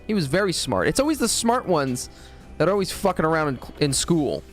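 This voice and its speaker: Streaming live, an American man rambles through a profane, joking story in casual storytelling mode. His voice is fairly high and sing-song, he talks fairly quickly, and faint music plays in the background.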